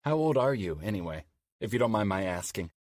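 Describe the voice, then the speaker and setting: An actor playing a man in his forties who flirts by email, read warmly and playfully as an audiobook drama. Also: on the low side, big pitch swings, a little fast, no echo, studio quality. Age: 40s.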